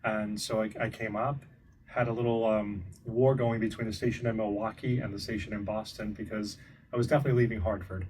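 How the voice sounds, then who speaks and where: A man's voice: lowish voice, little pitch movement, a little mellow. A man in his fifties, a veteran TV meteorologist, chatting easily in an interview and laughing often. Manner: chatty, easygoing, quick to laugh. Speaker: guest, longtime TV meteorologist. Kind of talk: casual interview. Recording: distant mic with faint background noise.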